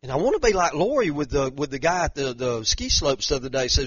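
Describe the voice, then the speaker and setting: A man's voice: mid-range voice, animated, fast, hardly any pauses, fairly bright tone, slightly rough, dry recording, highs cut off. A pastor preaching a fervent sermon, repeating his points and using casual slang. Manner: fervent, repetitive preaching with Southern-style slang.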